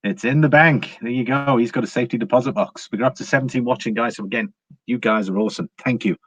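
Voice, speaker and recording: A man's voice: medium pitch, fast, slightly rough, no echo. Chatty English man hosting a livestream. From England. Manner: chatty, greets viewers by name, frequent fillers and laughs. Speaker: livestream host. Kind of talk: casual live-chat market commentary. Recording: dry, slightly dull home recording.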